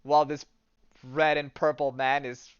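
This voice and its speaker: A man's voice: on the high side, a little slow, lo-fi sound, a crowd in the background. A man hosting a podcast, retelling a comic in a casual, jokey way with lots of fillers. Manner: animated, jokey storyteller with many fillers. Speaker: podcast host.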